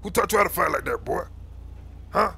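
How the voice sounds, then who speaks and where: A man's voice: high voice, lively intonation, fairly quick, vocal fry, bright, forceful tone, a little hiss or hum, heavily acted. A man voicing a bossy street gang recruiter, full of slang, constantly calling others boy and man. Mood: hyped.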